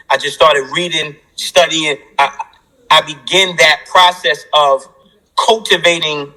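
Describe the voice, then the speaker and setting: Animated, bright-voiced New York man. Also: a little high, low-quality recording. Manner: animated, slangy and profane. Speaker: interview guest. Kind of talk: emotional storytelling.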